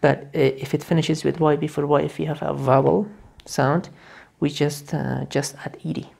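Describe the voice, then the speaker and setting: A woman's voice: low-pitched, little pitch movement, creaky, darkish tone. A woman teaching English grammar in a video lesson. She repeats key words over and over and explains step by step, with frequent restarts. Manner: halting, with restarts and fillers while explaining.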